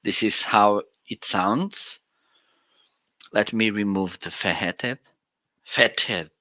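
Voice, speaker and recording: A man's voice: fairly low pitch, slow, pushed and bright, no echo. A man hosting a casual live-stream product demo, chatting and testing microphones aloud with counts and laughs. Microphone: swapping between studio microphones.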